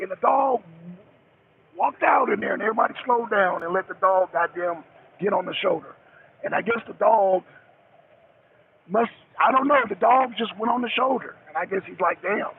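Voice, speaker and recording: A middle-aged man with a high, gravelly voice, calling in over a tinny, phone-like line with a faint hiss behind him. He rambles, repeats himself, and curses often in loose talk-show chat. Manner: rambling, repetitive, heavy cursing. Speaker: truck driver calling in.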